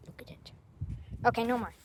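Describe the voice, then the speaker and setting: A woman's voice: a little fast, noisy background. A woman vlogging outdoors with a handheld phone, speaking in a put-on Australian accent and chatting to a cat. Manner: chatty, coos and talks to the cat. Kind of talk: casual vlog talking to a cat.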